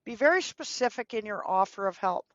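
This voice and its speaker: A woman guest in a podcast interview, speaking earnestly and gently giving advice, now and then acting out what people might say. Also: medium pitch, lively intonation, brisk, no room sound, highs cut off. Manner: earnest, gently advising, acts out quoted speech. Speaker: guest, dog trainer.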